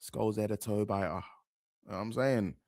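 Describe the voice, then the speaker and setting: Rambling, slangy football fan. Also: male voice, fairly low pitch, steady tone, brisk, mellow, no echo, studio quality. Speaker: football fan reaction host. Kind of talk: casual reaction commentary.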